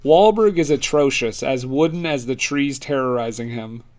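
A man's voice: mid-range voice, normal speed, darkish tone. A man co-hosting a casual podcast, joking and reading out movie reviews. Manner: jokey, laughs at his own quips. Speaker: podcast co-host.

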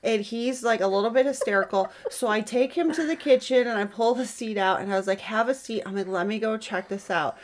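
A woman's voice: a little high, a little fast, hardly any pauses, a little hiss or hum. A woman co-hosting a podcast, telling a story in casual chat and acting out what people said. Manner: animated storyteller, acts out quoted lines.

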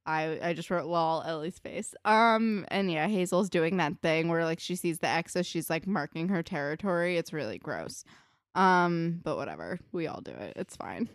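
A woman's voice: fairly low pitch, animated, normal speed, dry recording, clean studio sound. A young woman from New Jersey co-hosting a podcast, recapping a show in casual chat with sarcastic, laughing asides. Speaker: podcast co-host.

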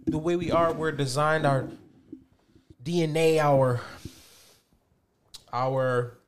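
A man's voice: fairly high pitch, steady tone, takes it slowly, a crowd in the background. A man in casual group chat who asks questions hesitantly and often trails off.

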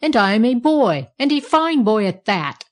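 A woman reading aloud, voicing a vain, foolish young boy who yells indignantly. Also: medium pitch, big pitch swings, unhurried. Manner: stout, indignant yelling.

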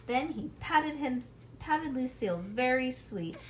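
Woman reading a storybook aloud at home, relaxed, chatty asides, fairly high voice. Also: unhurried, slight background noise.

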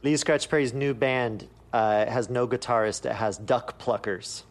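Guy interviewer, mid-pitched voice, curious and playful, asks casual questions. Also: measured pace. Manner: curious, playful, follows the guest's riffs.

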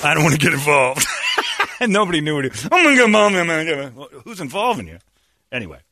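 A man hosts a radio show in loose, joking banter. He tells stories and ribs his co-hosts. His pitch rises and falls a lot, his tone is bright, and the studio sound is dry. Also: sing-song, fast talker, dry recording. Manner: joking, teasing storyteller.

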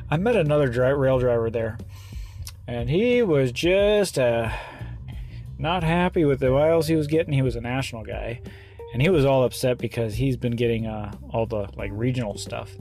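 A man driving a truck, telling a rambling story in casual vlog style with halting restarts. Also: medium pitch, a little mellow. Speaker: truck driver. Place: truck stop.

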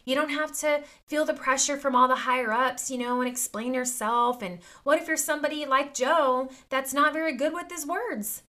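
A woman's voice: sits high, moderate pace, few pauses, bright, forceful tone. A woman in her thirties talking straight to her viewers in a personal vlog, emphatic and indignant, often calling them "you guys". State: near tears at times. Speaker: vlogger.

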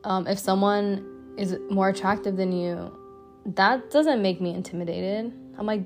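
A young adult woman hosts her own podcast in a casual solo monologue, talking in a blunt, profane, chatty way packed with "like" fillers. Her voice is medium-pitched with fairly even intonation and a slightly slow pace, and music plays in the background.

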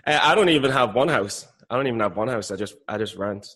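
A man co-hosting a podcast in joking, rambling casual chat that often drops low. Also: expressive, quick pace, fairly bright tone, husky. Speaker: podcast co-host.

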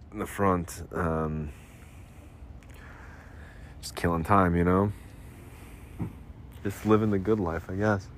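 A man hosting a solo podcast, rambling sarcastically about his day, clearing his throat and coughing now and then as he comes down with a cold. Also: low-pitched, a little hiss or hum. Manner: sarcastic, self-mocking, puts on quick voices for quotes. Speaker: podcast host.

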